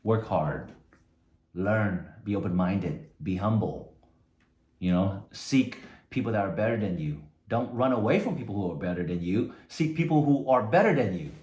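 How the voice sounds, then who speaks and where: A man's voice: fairly low pitch, lively intonation, normal speed, a little mellow. A man giving a conversational motivational talk, often tagging his points with "right?". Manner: conversational, frequent "right?" tags. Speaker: motivational speaker. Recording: echoey room.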